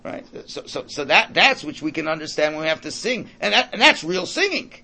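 A man's voice: a little high, big pitch swings, a little fast, bright, forceful tone. A man giving an informal Torah class in a conversational way. He repeats words while thinking aloud and mixes in Hebrew and Yiddish terms. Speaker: Torah teacher.

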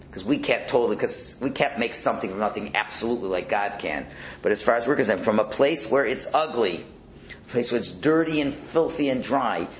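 A man teaching a Torah class in a conversational, animated way, sometimes dropping to a near-whisper. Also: mid-range voice. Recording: echoey room with faint background noise.

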